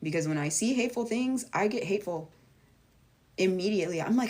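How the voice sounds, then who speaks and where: This woman, a vlogger and life coach, speaks to her audience casually, bluntly and emphatically, swearing freely and voicing quoted people with big swings in pitch. She's animated, a little fast, and sounds a little mellow.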